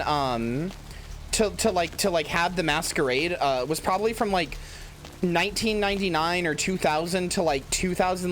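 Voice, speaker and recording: A man's voice: high-pitched, a little hiss or hum. A man streaming a game in casual commentary, rambling with many fillers and swearing into a headset mic.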